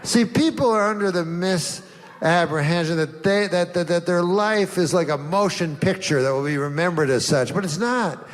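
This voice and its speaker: A man's voice: high voice, moderate pace. A man doing a stand-up set in a musing, storytelling way. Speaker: stand-up comedian. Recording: live hall reverb, faint noise.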